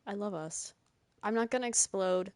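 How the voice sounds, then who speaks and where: A woman's voice: mid-range voice, normal speed, darkish tone, no echo. A young woman streamer chatting casually with her live chat, often laughing. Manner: chatty, giggly, talks to chat.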